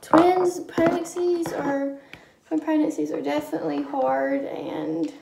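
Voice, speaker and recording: Young woman rambling thru a story, high voice, echoey room w/ a bit of hiss. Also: animated, slow, creaky. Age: young adult. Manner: chatty, rambling, lots of ums and quoted dialogue. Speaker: vlogger. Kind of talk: casual storytelling vlog.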